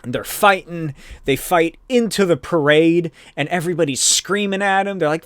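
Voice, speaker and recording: A man hosts a podcast and casually recaps a comic book, rambling along with plenty of filler words. His voice sits a little high for a man. The sound is close and dry, with no room echo. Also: normal speed, fairly bright tone. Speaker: podcast host.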